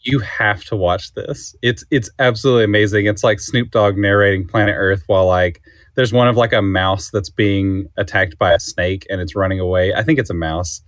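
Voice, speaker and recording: A man co-hosting a podcast, talking excitedly and rambling with casual swearing. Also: fairly low pitch, normal speed, dry recording, studio quality. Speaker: podcast co-host. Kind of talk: casual film discussion.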